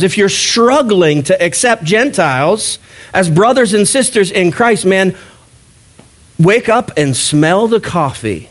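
Male pastor, slightly high voice, animated and conversational, preaching a sermon. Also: unhurried.

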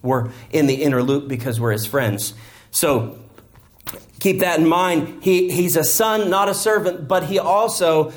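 Slow-preaching man in a church. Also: fairly high pitch. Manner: preaching, dramatic voicing of the parable's characters. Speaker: pastor. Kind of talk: sermon.

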